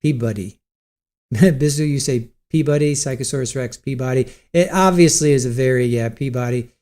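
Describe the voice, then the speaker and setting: A man's voice: medium pitch, normal speed, darkish tone. A man from Ohio hosting a casual livestream, chatting and reading out viewer comments. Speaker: livestream host. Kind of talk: casual live-stream chat.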